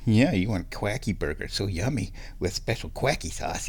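A man's voice: expressive, normal speed, hardly any pauses. Playful man chatting with his cat. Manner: playful, slips into high baby talk for his cat. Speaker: radio host. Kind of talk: casual chat. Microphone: studio microphone.

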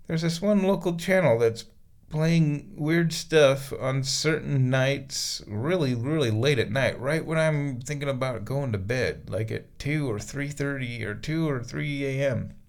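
A man's voice: medium pitch, measured pace, gravelly. A man chatting casually in a bathroom while sitting in a bathtub, talking playfully to his cat and rambling about whatever crosses his mind.

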